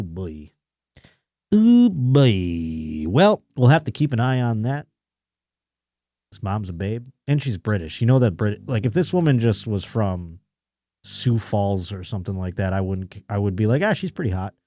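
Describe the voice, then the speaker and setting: A man with a mellow, dark voice hosts a comedy podcast, swinging between reading news items and crude, sarcastic asides. The sound is dry and close, with no room behind him. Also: lowish voice, moderate pace, no echo. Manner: crude, sarcastic riffing between read-out articles. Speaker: podcast host. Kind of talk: casual comedic chat reading news stories.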